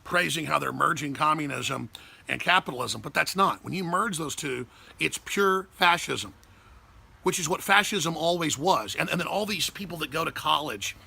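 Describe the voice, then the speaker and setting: A man's voice: a little high, animated, normal speed, vocal fry, bright, forceful tone, breathy edge. A man from Texas, a talk show host ranting in a combative, intense monologue.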